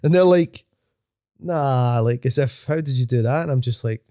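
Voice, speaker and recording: Male DJ guest, young, mellow, dry close sound, rambles fast and swears freely. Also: mid-range voice, smooth, dry recording. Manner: fast rambling talk, swearing, full of fillers. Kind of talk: casual chat.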